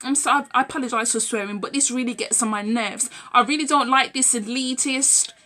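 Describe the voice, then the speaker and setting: Young adult woman vlogger, emphatic and heated, with a high, sharp voice. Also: fairly quick. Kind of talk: direct-to-camera rant.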